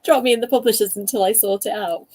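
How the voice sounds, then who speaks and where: A woman author chatting over a video call, animated and laughing as she tells stories. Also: medium pitch, fast, noisy background. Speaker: guest author. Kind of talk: casual video chat.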